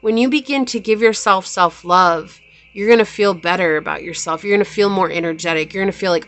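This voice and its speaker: A woman giving a pick-a-card tarot reading in a gentle, affirming and emotional way. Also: medium pitch, brisk, faint music behind. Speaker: tarot reader.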